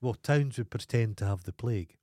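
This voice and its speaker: A man's voice: on the low side, fairly quick, dark tone, dry recording, studio quality. A Scottish man co-hosting a podcast in casual chat, blunt and ranting with heavy swearing. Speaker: podcast co-host.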